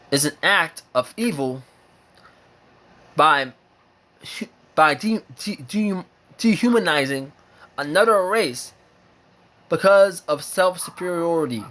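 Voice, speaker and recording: High-voiced man ranting slowly. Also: expressive, fairly bright tone. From United States. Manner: emphatic and repetitive, hammering points with repeated phrases and swearing. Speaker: vlogger sharing opinions. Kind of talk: impassioned opinion monologue.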